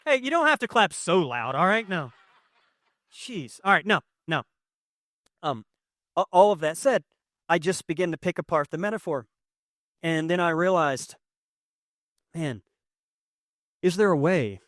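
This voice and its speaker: A young man preaching a sermon as pastor, conversational and emotional, swinging from loud to hushed. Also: a little high, expressive, a little slow, pauses often, dry recording, studio quality. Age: young adult. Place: church sanctuary with audience.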